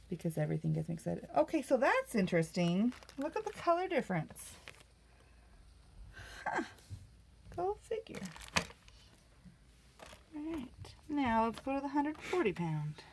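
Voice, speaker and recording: A middle-aged woman chatting casually as she paints at home, self-mocking and quick to laugh. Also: mid-range voice, vocal fry, darkish tone. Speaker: art vlogger. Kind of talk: casual crafting tutorial chat.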